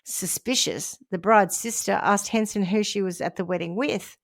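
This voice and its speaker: A woman's voice: mid-range voice, steady tone, moderate pace. Woman reading a crime story. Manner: reads a news story with asides and laughs. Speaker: podcast co-host. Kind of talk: casual chat, reading a crime story aloud.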